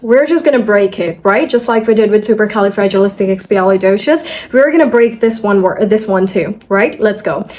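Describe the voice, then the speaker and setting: A young woman teaching pronunciation in a video lesson, talking straight to viewers and repeating words slowly, syllable by syllable. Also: on the high side, a little mellow.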